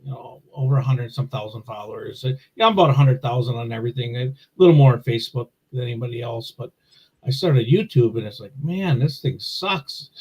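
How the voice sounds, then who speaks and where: A man's voice: mid-range voice, fast talker, warm tone, slightly rough, poor audio. A man from Wisconsin, a drag racer, talking as a podcast guest in a rambling, plainspoken way that often repeats itself. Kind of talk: casual podcast interview. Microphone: remote video call.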